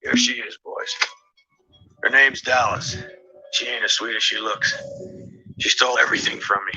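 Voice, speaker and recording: An actor playing a blunt, gruff middle-aged man in an animated film, who cuts straight to business. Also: mid-range voice, moderate pace, soft background music, poor audio.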